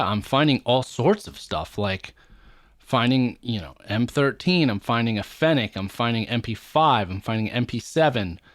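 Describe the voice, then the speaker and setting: A man's voice: medium pitch, no room sound, studio quality. A man co-hosting a casual gaming podcast, talking in a chatty, rambling way and listing weapons at length. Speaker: podcast co-host.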